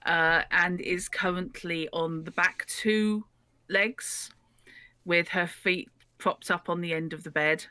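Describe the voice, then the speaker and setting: A woman's voice: on the low side, steady tone, slow, sharp tone, dry recording. A woman playing a tabletop game, reasoning thoughtfully aloud. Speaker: player. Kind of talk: tabletop role-play chat.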